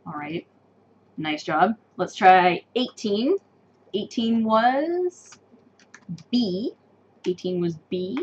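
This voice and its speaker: A woman teaching an online English test-prep lesson, patient and encouraging, repeating each answer slowly. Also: medium pitch, animated, a little mellow, dull audio.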